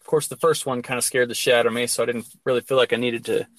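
A man's voice: medium pitch, fairly even intonation, fast, fairly bright tone, dry recording. A young man hosting a podcast, chatting casually and crudely, laughing and swearing freely. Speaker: podcast host.

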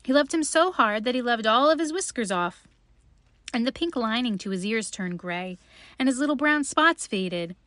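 A woman reading a children's story aloud in a gentle, unhurried way. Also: a little high, expressive, no room sound.

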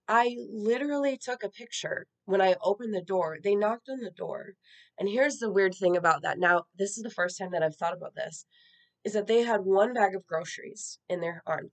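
A woman's voice: lowish voice, brisk. A woman creator speaking candidly and reflectively about her own experiences, in a conversational personal-storytelling style. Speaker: social media creator.

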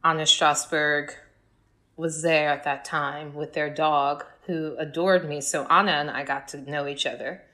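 A middle-aged woman chatting casually as a guest, telling animated stories and acting out her younger self. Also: low voice, a little slow. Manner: animated storyteller, acts out her past self. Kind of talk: casual podcast chat.

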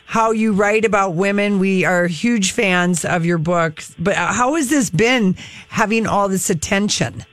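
A woman's voice: mid-range voice, a little slow, dry recording. A woman co-hosting a radio interview, eager and enthusiastic. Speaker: radio show co-host. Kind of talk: casual interview chat.

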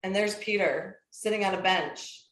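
A woman in her fifties with a Minnesota accent recounts a story with lively, animated energy. Her voice carries a roomy echo, and her pitch sits in the middle range. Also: normal speed. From Minnesota, United States. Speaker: guest, professor. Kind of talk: storytelling in a casual interview.

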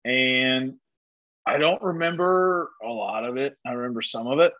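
A man's voice: mid-range voice, normal speed, highs cut off. A man guesting on a podcast, telling a story in casual chat and laughing along with it. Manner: animated, laughs through his own story.

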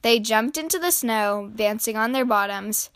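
A woman who hosts a children's channel, reading a picture book aloud slowly, clearly and gently. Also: on the high side, expressive, no room sound. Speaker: children's story reader. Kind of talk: storybook read-aloud.

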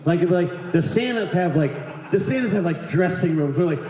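A man telling a long, rambling, profane comic story in casual chat, jumping into loud put-on voices for the people in it. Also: sits high, lively intonation, brisk. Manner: rambling, profane, acts out other people's lines with big voice jumps. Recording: very echoey room.

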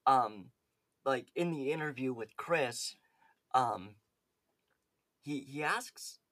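A man's voice: medium pitch, lively intonation, slow, fairly bright tone, dry recording. A man co-hosting a podcast in casual chat, rambling with lots of "like" and "um". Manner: rambling, filler-heavy with many "like"s. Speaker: podcast co-host.

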